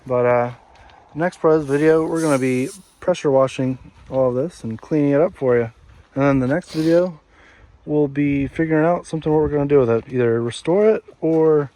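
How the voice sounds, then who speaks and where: A man's voice: fairly high pitch, brisk, mellow. A man hosting a casual vlog outdoors, talking to viewers in an easygoing, polite way. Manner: easygoing, polite, loose fillers. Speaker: vlog host. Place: outdoors by roads and yards. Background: outdoor traffic noise.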